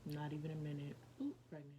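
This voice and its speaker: A woman's voice: low voice, flat delivery, fast talker, background noise. A young woman vlogger telling a personal story in a rambling, casual way, full of fillers and restarts.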